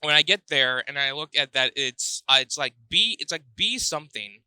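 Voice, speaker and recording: Bright, crisp-voiced rambling young man. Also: fairly high pitch, lively intonation, moderate pace, dry recording. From Missouri. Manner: rambling, self-interrupting storyteller. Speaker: podcast guest. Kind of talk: casual chat.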